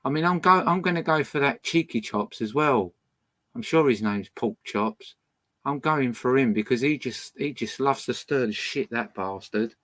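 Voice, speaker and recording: A man's voice: mid-range voice, moderate pace, fairly bright tone, poor audio. A man hosting a casual livestream from a boat, ranting angrily and swearing at viewers between records. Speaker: livestream host playing records. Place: indoors on a boat.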